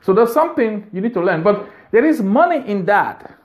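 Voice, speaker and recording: A man's voice: high-pitched, sing-song, normal speed, narrow, tinny audio. A man hosting a video, giving business advice in an unscripted monologue, earnest and repeating phrases for emphasis.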